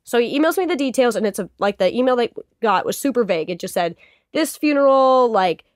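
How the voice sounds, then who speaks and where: A young woman in her twenties with an American accent, a guest telling an animated story in a casual interview. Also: a little fast, dry recording, studio quality. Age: 20s. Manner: animated, rising pitch in quoted speech.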